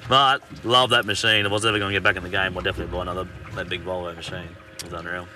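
A man's voice: low voice, very fast, distant mic, slight background noise. Swearing man telling a yarn. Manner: swearing, laughing, animated retelling. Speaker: podcast guest. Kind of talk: casual storytelling.

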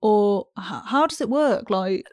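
Young woman, mid-pitched voice, chatty, teasing, dry close recording. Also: lively intonation, unhurried, no room sound. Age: young adult. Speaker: podcast co-host. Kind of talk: casual chat.

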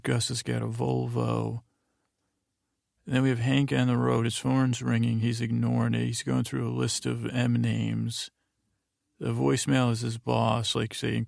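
A podcast host with a gravelly, creaky, mid-range voice gives a sleepy, meandering episode recap in a flat monotone, full of fillers. He rambles plainly and quotes each character without altering his voice, in a close, dry recording.

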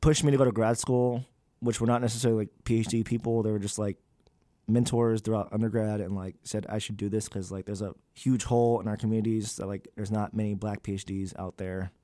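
A man's voice: fairly low pitch, fairly even intonation, brisk, mellow, dry recording, studio quality. A young man, a graduate student, talking candidly in an interview, with many fillers and loose, rambling sentences. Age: young adult.

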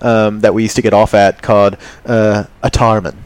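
A man's voice: fairly low pitch, level tone, normal speed, darkish tone, clear, resonant tone, no room sound. Rambling, jokey male podcast host. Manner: rambling, jokey, many ums. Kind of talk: casual chat.

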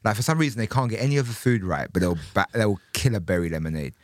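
Animated laughing man, low lively voice. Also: quick pace, dry recording, studio quality. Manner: animated, laughs often, trails off and restarts. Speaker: podcast guest. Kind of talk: casual chat.

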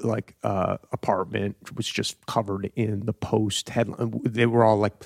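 A man's voice: fairly low pitch, level tone, a little slow, vocal fry, a little mellow, no room sound, studio quality. A man hosting a podcast in casual chat, rambling and swearing, with many "like"s. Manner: rambling and profane, full of "like". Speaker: podcast host.

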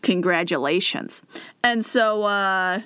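A woman's voice: mid-range voice, takes it slowly, pushed and bright, clear, resonant tone, no echo, clean studio sound. A young woman co-hosting a podcast, retelling a tabletop campaign in a chatty way, with many fillers and acted asides. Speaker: podcast co-host. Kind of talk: casual chat retelling a campaign story.

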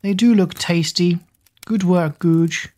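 A woman's voice: on the low side, steady tone, slow, dark tone. A woman voicing a frail, stubborn old witch queen who speaks in an imperious, mocking way.

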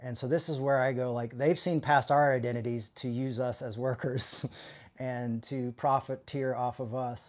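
A man's voice: medium pitch, fairly even intonation, moderate pace, darkish tone. Impassioned man preaching a loose sermon. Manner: impassioned, restarts and stumbles over words. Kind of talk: conversational sermon.

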